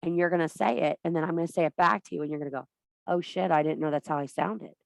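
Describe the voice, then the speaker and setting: A woman's voice: deep voice, steady tone, fast talker, vocal fry, no room sound. Blunt, profane woman preaching to a women's circle. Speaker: spiritual teacher. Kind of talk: impassioned women's circle talk.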